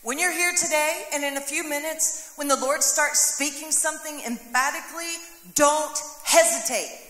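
High, bright-voiced woman preaching in a hall. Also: moderate pace. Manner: animated storytelling with acted voices and humor. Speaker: pastor. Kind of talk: sermon. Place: church sanctuary. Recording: echoey hall, long reverb.

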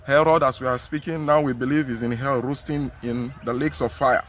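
A man's voice: mid-range voice, fairly even intonation, a little fast, slight background noise. A man with a Nigerian English accent preaching a sermon outdoors, earnest and emphatic, repeating his phrases.

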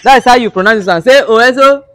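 A man's voice: very high voice, fast, bright, forceful tone, slight background noise. Mock-outraged comic man. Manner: mock-outraged, pleading, broken English for laughs. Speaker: comedian. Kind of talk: comic monologue to camera.

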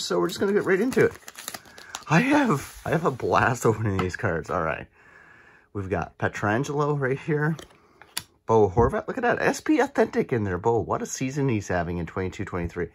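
A man chatting excitedly as he opens cheap card packs and reacts to each card on his channel. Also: mid-range voice, slight background noise. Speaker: card collecting channel host. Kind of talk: casual pack-opening commentary.

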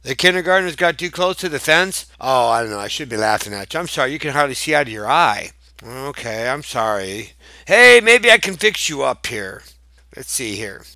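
A man's voice: medium pitch, expressive, brisk, sharp tone, no room sound. A man teaching math in a playful, chatty video lesson, joking and chuckling as he works through problems.

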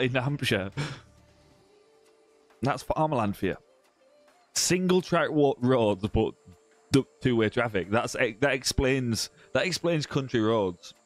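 A southern English man hosting a live fishing-game stream, chatting casually with viewers, teasing them and tagging lines with "mate". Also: mid-range voice. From southern England. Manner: chatty and teasing, many "mate" and "bro" tags, restarts. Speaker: live-stream gamer host. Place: home room.

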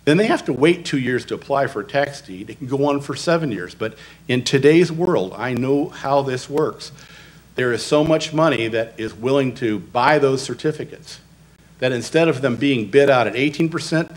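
Middle-aged male consultant, emphatic and explanatory, addressing a public meeting. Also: medium pitch. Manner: emphatic, explanatory, stresses key words. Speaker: assessment consultant addressing city commission. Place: city commission meeting.

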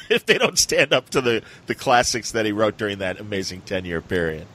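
A man's voice: fairly low pitch, big pitch swings, a little fast, pushed and bright, poor audio. A man hosting a podcast, chatting casually in a rambling, enthusiastic way with lots of fillers. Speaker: podcast host. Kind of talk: casual chat.

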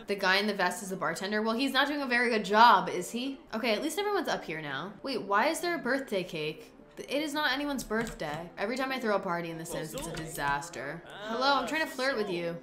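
A woman hosting a let's-play video, with excitable, dramatic commentary full of gasps and exclamations. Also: medium pitch. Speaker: gaming host.

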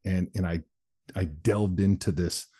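Speaking in a low, dark voice with a husky, breathy edge, a man guests on an interview and recounts his life frankly, without polish and with the odd curse. He keeps an even, unhurried tone. His plain delivery suggests he's used to sharing this story with crowds, and the talk is candid personal storytelling.

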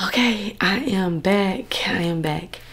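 A woman in her thirties talking to camera in a casual vlog, earnest when she reflects and excited, half whispering, when she shows things. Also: mid-range voice, takes it slowly, loud music behind the voice, poor audio. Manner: earnest, faith-filled reflection; excited, partly whispering show-and-tell. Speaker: vlogger.

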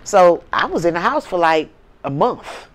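A woman's voice: lowish voice, very animated, unhurried. A woman host telling a personal story in a candid, blunt way, often tagging lines with "you know what I'm saying.". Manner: blunt, profane and conversational. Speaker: advice channel host.

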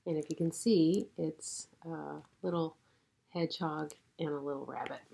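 A middle-aged woman pastor reading a children's story aloud in a gentle storytelling manner. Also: deep voice, steady tone, creaky, slight background noise. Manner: gentle, slow, warm storytelling.

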